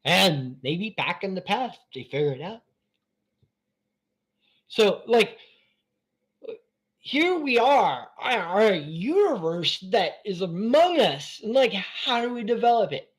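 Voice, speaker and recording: A man hosting a live stream from his phone, rambling between topics in an excitable, profane way. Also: high voice, slow pace, pauses often, slightly rough. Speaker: channel host.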